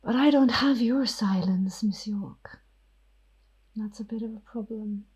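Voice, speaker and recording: A woman voicing a cruel female vampire elder who taunts in a breathy, whispery voice. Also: fairly high pitch, measured pace, a little mellow, voice pushed up, rough recording. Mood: menacing. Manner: silky and taunting.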